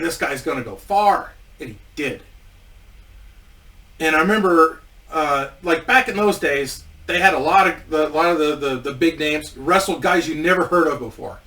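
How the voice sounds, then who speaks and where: A man's voice: on the high side, animated, measured pace, bright, forceful tone, far from the mic, rough recording. A man telling a casual story about his wrestling days, rambling with many restarts and frequent swearing.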